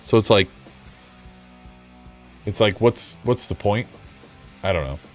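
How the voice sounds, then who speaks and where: A man's voice: lowish voice, lively intonation, slow, soft background music. A man streaming casually, rambling and frustrated, mocking himself as he chats with viewers. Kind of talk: casual live-stream chat.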